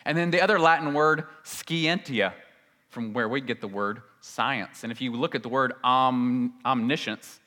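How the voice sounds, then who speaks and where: A man preaching a sermon as a pastor, emphatic, swinging between loud and hushed and repeating phrases for stress. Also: mid-range voice, normal speed. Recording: long reverb of a large hall.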